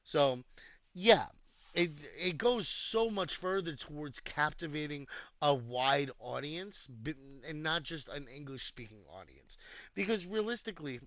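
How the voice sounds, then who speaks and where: A man's voice: on the high side, lively intonation, measured pace, fairly bright tone. A young American man talking casually and earnestly, giving advice with many restarts and fillers. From United States. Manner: earnest, explanatory. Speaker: community host reviewing threads.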